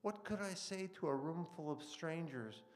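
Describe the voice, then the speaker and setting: A man in a broadcast studio reading a short story he wrote, with relaxed, conversational asides and filler words between passages. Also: fairly high pitch, moderate pace. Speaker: author reading his own fiction. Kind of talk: live fiction reading with casual asides.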